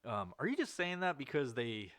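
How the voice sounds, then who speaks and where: A podcast co-host, male, reads news stories aloud amid casual banter, laughing often, swearing freely and slipping into squeaky put-on voices. His delivery is very animated at a moderate pace, with a fairly bright tone and no room sound.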